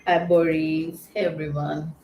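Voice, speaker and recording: A woman's voice: low-pitched, flat delivery, a little slow, lo-fi sound. A woman hosting a livestream, greeting viewers by name in a chatty, teasing way. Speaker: livestream host. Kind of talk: casual livestream chat. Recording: echoey room with faint ambient noise.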